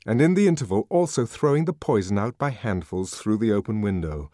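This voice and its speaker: A man reading a novel aloud as an audiobook narrator, with dramatic, expressive delivery. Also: lowish voice, moderate pace, hardly any pauses, dry recording, studio quality. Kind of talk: scripted narration.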